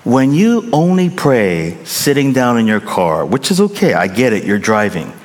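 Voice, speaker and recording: Lively preaching man in an echoing hall. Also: mid-range voice, normal speed. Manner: animated, emphatic, repeats phrases for effect. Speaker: pastor. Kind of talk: sermon. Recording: long reverb in large hall.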